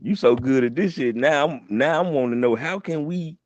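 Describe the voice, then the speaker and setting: A man's voice: mid-range voice, brisk, darkish tone, dry recording. A man in casual, profane banter, laughing often and hyping up a friend. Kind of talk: casual chat. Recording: dull, lo-fi sound.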